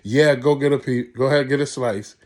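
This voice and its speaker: A man's voice: medium pitch, fairly quick, darkish tone, lightly acted. A man doing a scornful, dismissive mother. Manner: offhand, scornful retorts. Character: dismissive mother, mid-aged woman, sharp-tongued.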